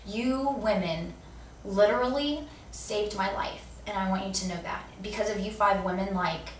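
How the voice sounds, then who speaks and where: A woman's voice: medium pitch, moderate pace. Young woman host, heartfelt vlog talk, mid-range voice, distant echoey camera audio. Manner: earnest and heartfelt. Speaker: vlogger host. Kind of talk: personal video message. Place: seated indoors. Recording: roomy echo, distant mic, faint room noise.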